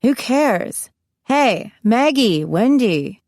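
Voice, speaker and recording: Woman doing pushy eager teen girl, insistent, raised pitch, dry close mic. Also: sing-song, extremely slow, darkish tone, dry recording, heavily acted. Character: pushy enthusiastic teenage girl, matchmaker type.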